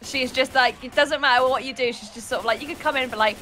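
A woman's voice: sits high, rapid-fire, sharp tone, slight background noise. A woman chatting casually and laughing often while playing a game on a livestream. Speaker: co-host. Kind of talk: casual chat while gaming.

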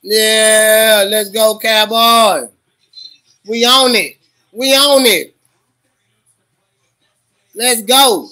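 A man livestreaming his reactions to a football game, loud and profane, cheering on and scolding his team. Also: sits high, extremely slow, pauses often. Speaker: livestream host.

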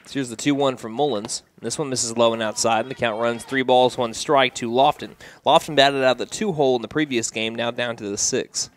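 A man calling a high school baseball game on local radio, steady and conversational, with his voice jumping up on strikeouts and big plays. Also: fairly quick, hardly any pauses. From United States. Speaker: play-by-play radio announcer. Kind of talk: baseball play-by-play commentary.

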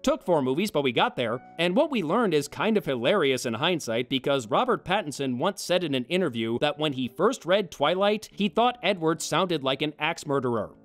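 A man's voice: fairly high pitch, expressive, moderate pace, few pauses, faint music behind. A man hosting a scripted comedic film commentary, with sarcastic, wry asides. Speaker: film review host.

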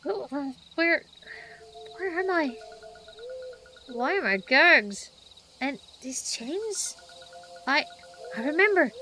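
A woman's voice: high-pitched, expressive, slow, long pauses, sharp tone, faint music behind. A woman streamer reading a game's dialogue aloud with playful reactions. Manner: reads lines with playful reactions.

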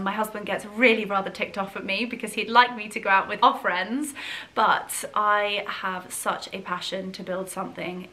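Woman, vlogger, casual chat, bright tone, effusive and rambling. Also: medium pitch. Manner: chatty, effusive, full of fillers and asides.

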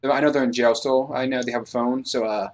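A man's voice: medium pitch, fairly even intonation. A man playing a police interrogator in an online game role-play, taunting and repeating himself as he presses for information. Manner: taunting, repetitive, quick-talking interrogator.

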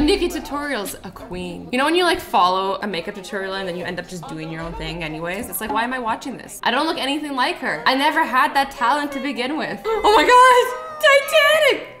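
A woman's voice: on the high side, expressive, fast talker, hardly any pauses, music in the background. A young woman hosting a reaction video, chatting playfully and exclaiming at what she watches. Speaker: YouTube host. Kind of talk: reaction commentary.

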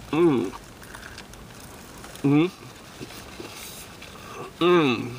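A man's voice: a little high, expressive, measured pace, bright, forceful tone, a little hiss or hum. A man hosting a casual food review vlog, talking in an upbeat, rambling way and laughing often.

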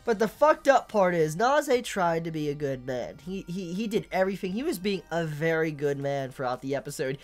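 A woman's voice: low voice, sing-song, moderate pace, few pauses, soft background music. A woman reviewing anime in an angry, profane rant, stumbling over and repeating her words.

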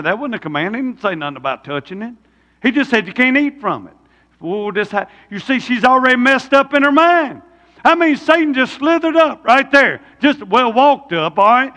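Male pastor, folksy sermon, bright high voice, long church reverb. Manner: folksy, rhetorical questions to the congregation. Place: church sanctuary.

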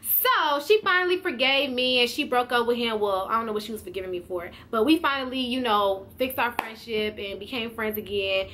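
Sex: female. Role: vlogger. Style: animated storytime, slangy, addressing viewers. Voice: high. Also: fairly quick, hardly any pauses, slight background noise. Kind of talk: storytime vlog.

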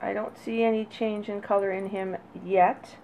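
A woman breeder talking casually and fondly while she films her puppies, now and then calling to them in a high sing-song. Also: flat delivery, normal speed, warm tone. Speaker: dog breeder. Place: indoors near a puppy crate. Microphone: handheld camera. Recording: dull lo-fi audio with faint noise.

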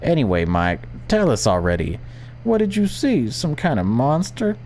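A man's voice: mid-range voice, sing-song, moderate pace, a little hiss or hum, pitched above the performer's own voice. A man doing a peppy late-night radio DJ. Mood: upbeat. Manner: bright, chatty radio-host delivery.

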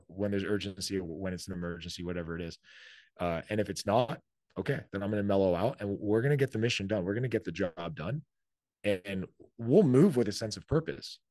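A man with a very low, deep voice talks casually as a podcast guest. He rambles a little, with many fillers, and the room is dry and close. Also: darkish tone, no room sound. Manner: conversational, many fillers, acts out quoted orders. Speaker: author and army leader, podcast guest. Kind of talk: casual interview talk.

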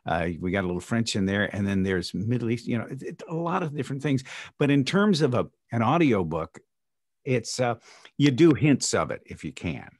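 A man's voice: mid-range voice, lively intonation, normal speed, darkish tone, dry recording, studio quality. A male audiobook narrator introducing himself in an interview, hesitant with many fillers, over a video call. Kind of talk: casual interview talk.

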